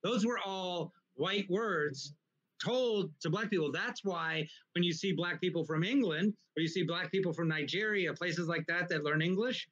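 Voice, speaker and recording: A man hosting a casual talk show, explaining points in an animated, lecturing way with frequent restarts. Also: high voice, normal speed, highs cut off. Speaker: podcast host. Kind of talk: casual conversation.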